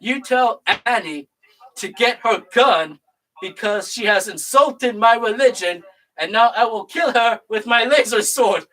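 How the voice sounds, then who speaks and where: A speaker voicing a drunk, crude male space knight with a slow, boozy drawl. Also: medium pitch, expressive, fairly bright tone, poor audio. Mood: menacing.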